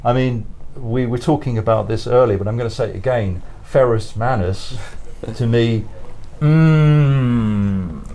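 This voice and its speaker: A man's voice: medium pitch, dark tone, slight background noise. A man answering interview questions as a guest author in a studio, thoughtful and rambling, often repeating words and laughing.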